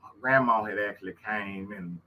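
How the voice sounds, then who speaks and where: A man's voice: lowish voice, moderate pace, muffled recording. A middle-aged man with a Southern Louisiana accent tells stories in a casual monologue, folksy and emphatic, and he repeats his phrases. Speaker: host.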